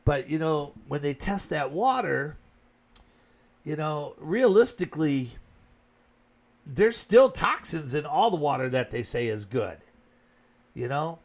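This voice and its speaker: Blunt ranting man with a fairly high voice. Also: sing-song, slow pace, long pauses. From Flint, Michigan. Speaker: vlogger. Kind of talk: casual opinion monologue.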